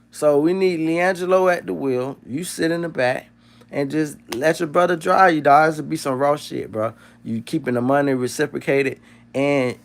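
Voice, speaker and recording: A man's voice: medium pitch, gravelly. A man hosting a livestream, talking in a loose, profane, joking rant. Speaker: livestream host.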